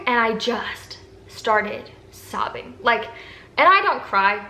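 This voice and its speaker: Give me a candid young woman with a slightly high voice, recorded in an echoey room. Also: measured pace, pushed and bright. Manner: candid, emotional, addresses viewers as guys. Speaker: vlogger telling her breastfeeding story. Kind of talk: casual personal storytelling. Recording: echoey room with faint background noise.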